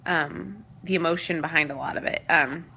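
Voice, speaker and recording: A woman's voice: deep voice, fairly even intonation, normal speed, vocal fry, sharp tone, slight background noise. A pregnant woman in her late twenties, talking on the verge of tears in a rambling, personal vlog full of fillers. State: teary. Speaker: vlogger.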